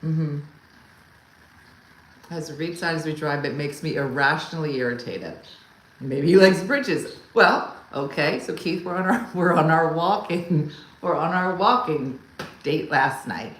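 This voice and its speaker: A woman's voice: low voice, measured pace. A woman hosting a casual live comedy stream. She chats with viewers and tells wry, exasperated stories about her partner. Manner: chatty storyteller who answers viewer comments; wry and exasperated, imitates her husband loudly. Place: home room for a live stream. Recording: echoey room with faint ambient hum.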